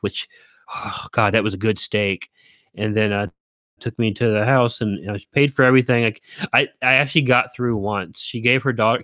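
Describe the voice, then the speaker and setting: A man's voice: lowish voice, fairly bright tone, no room sound. A man streaming to his viewers in casual livestream chat, rambling and correcting himself, with frequent chuckles.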